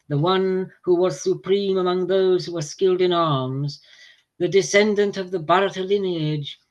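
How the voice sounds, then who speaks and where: A man reads an ancient epic aloud to a small group. His delivery is slow and measured, with clear pauses between phrases. His voice sits slightly higher than most men's. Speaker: reader of scripture to a group.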